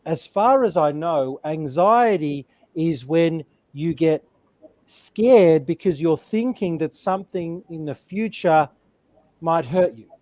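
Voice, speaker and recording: A man voicing a helpful young schoolboy who patiently explains feelings in halting words, told over a video call. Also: a little high, lively intonation, warm tone, dry recording. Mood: explaining.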